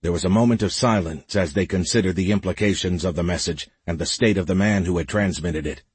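A man narrating an audiobook in a steady, measured storytelling voice. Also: low voice, breathy edge, no room sound. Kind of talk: scripted narration.

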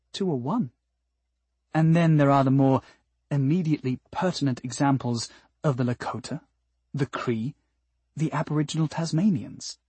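A man's voice: mid-range voice, a little mellow, breathy edge, dry recording. A man voicing a tall, skeletal alien woman who speaks with elaborate humility and pointed, insistent questions, in an audiobook. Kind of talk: audiobook character voice.

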